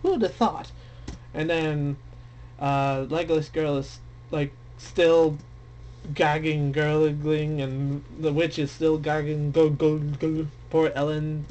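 A young man commenting casually on a game he plays, excitable and dramatic, mocking himself, with game music behind. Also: on the high side, slow pace, lo-fi sound. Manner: excitable, dramatic, self-deprecating. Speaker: let's play gamer. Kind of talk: casual game commentary, reading dialogue aloud. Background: faint game music.

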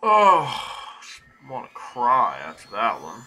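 Young male gamer, lively and bright-toned, slow swearing rants, faint game music under him. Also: mid-range voice, slight background noise. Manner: swearing, exasperated ranting at the game. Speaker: gaming YouTuber. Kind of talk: casual let's-play commentary.

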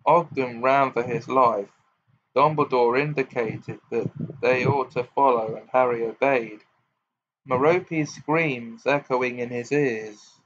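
A man reading a novel aloud as audiobook narration, in a measured, even way. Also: medium pitch, lo-fi sound, a little hiss or hum. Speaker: reader.

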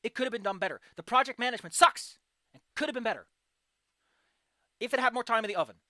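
Woman streamer, fast and excitable, frustrated game critique, dry close mic. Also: fairly high pitch, dry recording. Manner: animated, excitable outbursts. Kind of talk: casual livestream commentary.

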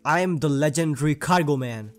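A young man commentating his gameplay in a joking, excitable way, swearing often. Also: a little high, fairly quick. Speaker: gaming channel host.

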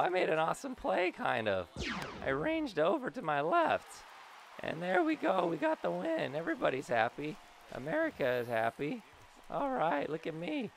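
Excitable young man calling his own game. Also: a little high, normal speed, vocal fry. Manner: excitable, self-deprecating, talks to himself and his player. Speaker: gaming YouTuber. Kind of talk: casual gameplay commentary.

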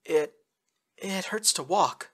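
A man's voice: sits high, lively intonation, slow pace, pushed and bright, breathy edge, voice pushed up, full character voice. A man reading aloud, voicing a young woman space traveler in a raised, strained, breathless voice. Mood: worried.

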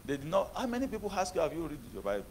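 A man preaching a sermon who moves between hushed talk and shouted, repetitive prayer declarations. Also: on the high side, wildly swooping pitch, racing, slight background noise.

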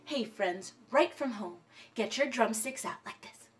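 A woman musician talking gently to children at home, encouraging them to join in and often dropping to a whisper. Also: a little high, expressive, a little slow. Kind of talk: gentle sing-along talk to children.

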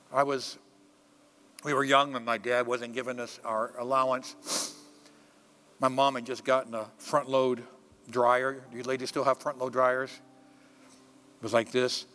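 An older man, a pastor, preaching a sermon in a church sanctuary and telling personal stories, swinging between loud preaching and hushed asides. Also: mid-range voice, steady tone, measured pace, long pauses.

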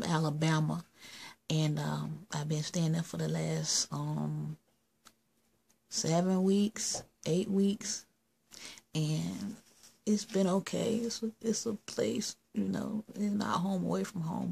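Gravelly low-voiced woman with sore throat. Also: mellow. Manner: rambling, plainspoken, explains step by step. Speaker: vlogger. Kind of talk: casual health update vlog.

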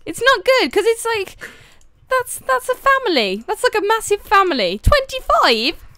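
A woman's voice: extremely high pitch, wildly swooping pitch, normal speed, bright, forceful tone, no echo. A woman co-hosting a gaming video in casual chat, giggly and playful with a sing-song way of talking.

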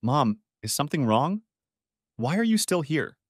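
A young adult daughter, pleading and defensive, her voice raised high with wide swings in pitch, as a male reader puts her on. She sounds tearful at times. The sound is dry and close. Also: very animated, normal speed, no echo. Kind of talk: audiobook reading.

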